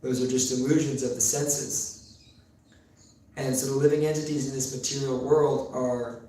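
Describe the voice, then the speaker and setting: A man's voice: medium pitch, fairly even intonation, warm tone. A man preaching in a very echoey temple. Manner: storytelling, with pauses and fillers. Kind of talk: sermon. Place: temple hall. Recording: very echoey room, mic far off, faint noise.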